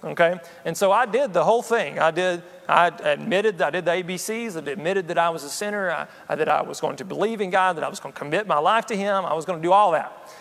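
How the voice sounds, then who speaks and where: An earnest man with a high voice preaches a personal sermon. He keeps checking in with his listeners. His words ring out with a long echo, as in a large hall. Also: fast, creaky, fairly bright tone. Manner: earnest, personal, addresses the congregation with frequent "okay?". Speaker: pastor.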